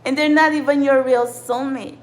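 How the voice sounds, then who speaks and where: A woman's voice: sits high, steady tone, moderate pace, rough recording. A woman, a spiritual channeler giving an upset, ranting monologue to her followers and swearing often. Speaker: spiritual channeler and tarot reader. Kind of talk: impassioned livestream monologue.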